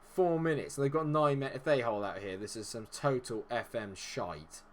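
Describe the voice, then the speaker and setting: A gaming streamer plays a football management game live, swearing freely and groaning at the match while chatting with viewers. Exasperated, he talks briskly and animatedly at medium pitch with few pauses.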